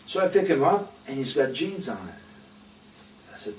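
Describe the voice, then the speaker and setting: A man's voice: mid-range voice, big pitch swings, moderate pace, pauses often, noisy background. An older man telling blunt, profane wrestling stories in a shoot interview, leaning on "you know" throughout. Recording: echoey room, mic from a distance.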